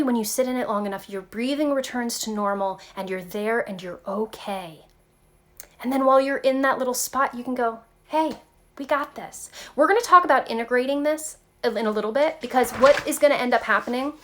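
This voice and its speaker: A woman talking casually to her viewers about spiritual growth, animated and chatty, often saying "like" and "okay". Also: fairly high pitch, brisk. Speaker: spiritual tarot vlogger.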